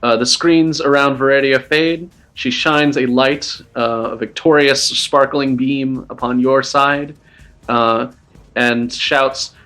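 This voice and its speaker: A man's voice: mid-range voice, fairly even intonation, slow pace, bright, forceful tone. A man narrating as game master of a tabletop game, rambling with many fillers and laughing as he goes.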